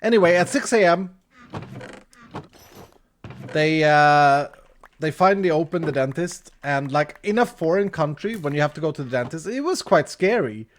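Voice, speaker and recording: A man tells a story while he plays a game on stream. He talks in a fairly high register, stumbling and restarting as he goes, with some faint noise behind him. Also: normal speed, long pauses. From Sweden. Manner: animated, with restarts and laughter. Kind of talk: casual storytelling while gaming.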